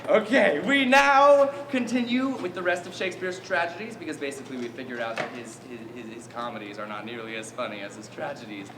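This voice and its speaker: A man performing live comedy, explaining in a halting, rambling way. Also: mid-range voice, noisy background. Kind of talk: live comedic stage banter. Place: theater stage. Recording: roomy live stage with audience.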